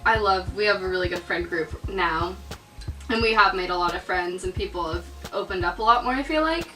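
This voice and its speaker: A woman's voice: lowish voice, a little fast, bright, forceful tone. Chatty young woman in an echoey room. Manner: chatty, giggly, lots of fillers. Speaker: vlogger, exchange student. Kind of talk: casual chat. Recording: roomy, from far off, music behind.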